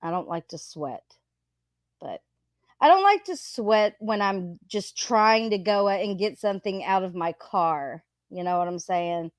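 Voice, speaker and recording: A woman's voice: mid-range voice, animated, unhurried, dry recording, clean studio sound. A woman hosting a livestream, chatting casually, greeting viewers by name and swearing freely. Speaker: livestream host. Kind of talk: casual livestream chat reading viewer comments.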